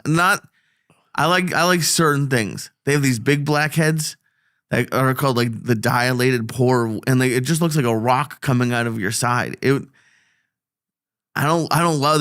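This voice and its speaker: A man's voice: mid-range voice, moderate pace, a bit bright, no room sound, clean studio sound. A man co-hosting a casual talk show, laughing often and talking in hesitant, filler-heavy bursts. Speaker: podcast co-host. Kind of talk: casual chat.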